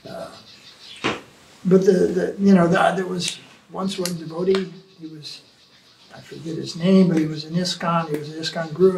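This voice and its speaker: Man, high voice, teacher in an informal Q&A, animated storytelling, distant mic, roomy echo. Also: gravelly, a little hiss or hum. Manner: animated storytelling, mimics chanting. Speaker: spiritual teacher answering questions. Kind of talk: informal Q&A talk. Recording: echoey room from far off.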